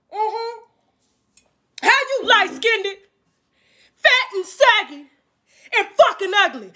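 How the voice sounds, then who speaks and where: A woman's voice: very high-pitched, pushed and bright. A woman hosting her own livestream, delivering a crude, taunting rant with mocking laughter. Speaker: livestream host.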